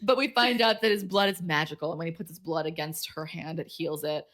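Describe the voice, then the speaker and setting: A woman co-hosting a book club podcast, chattily retelling a novel's plot and quickly acting out the characters' lines. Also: low voice, fairly even intonation, fairly bright tone.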